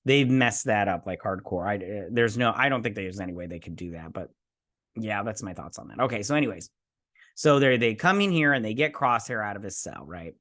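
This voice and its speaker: A man's voice: on the low side, animated, brisk, fairly bright tone. Rambling male show reviewer. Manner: rambling, loose play-by-play with sound effects. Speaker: host. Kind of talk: casual episode recap and review.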